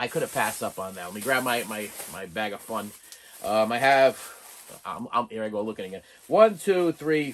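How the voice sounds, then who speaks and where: A man's voice: medium pitch, fairly bright tone. A middle-aged man hosting a casual movie-haul video, rambling along with frequent restarts, stammers and chuckles. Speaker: channel host reviewing a movie haul. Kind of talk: casual chat to camera.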